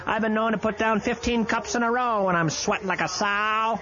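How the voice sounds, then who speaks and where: A man hosting a late-night radio talk show, doing a rambling, mock-ranting comic ad read with sudden loud outbursts. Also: high voice, normal speed. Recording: slightly dull AM radio broadcast with faint hiss.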